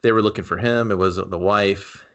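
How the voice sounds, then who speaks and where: A man with a very low voice talking over a film in a relaxed way. He lays out what happens in the story and reacts easily to his co-host. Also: moderate pace, dull audio. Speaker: movie review podcast co-host. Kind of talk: casual chat.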